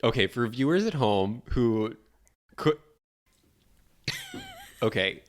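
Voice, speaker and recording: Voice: medium pitch, huge pitch swings, slow. A podcast co-host who recaps the plot in casual chat, laughing often and readily agreeing. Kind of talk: casual film discussion.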